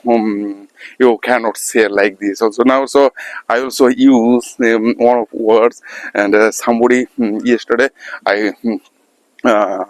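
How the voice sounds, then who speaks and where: A man with a Bengali accent and Bengali as his first language, practicing spoken English in a casual monologue, halting with many fillers and restarts. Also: mid-range voice, no room sound, rough recording. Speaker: English learner vlogger.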